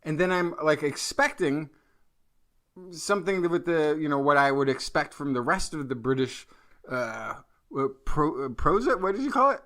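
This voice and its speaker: A man co-hosting a science podcast, talking in an animated, joking way with stumbles and self-corrections. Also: a little high, moderate pace. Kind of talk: casual science chat.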